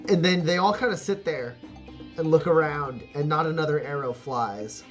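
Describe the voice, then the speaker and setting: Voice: mid-range voice, expressive, moderate pace, muffled recording, soft background music. A game master narrating a tabletop game in a loose, rambling way, full of fillers and laughter.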